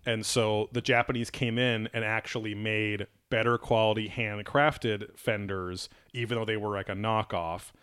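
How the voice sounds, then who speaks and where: A man's voice: lowish voice, steady tone, normal speed, hardly any pauses, fairly bright tone, clear, resonant tone. A man co-hosting a podcast, rambling and laughing in loose, profane banter. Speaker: podcast co-host.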